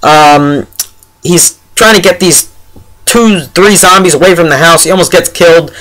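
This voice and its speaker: A man's voice: on the high side, normal speed, fairly bright tone, poor audio. A man giving a casual, rambling spoiler review of a TV episode, full of fillers and exasperated asides.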